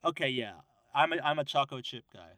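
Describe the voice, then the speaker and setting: A man's voice: mid-range voice, animated, brisk, sharp tone, no room sound. A man co-hosting a podcast in casual chat, playfully reading out quiz questions. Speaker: podcast co-host.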